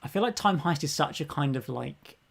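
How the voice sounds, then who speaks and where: A man with a slightly higher voice hosts a relaxed online quiz. He rambles and hedges, circling his point with fillers and restarts. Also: a little fast, creaky, husky. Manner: rambling, hedging with lots of fillers. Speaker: quiz host. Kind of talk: casual livestream chat.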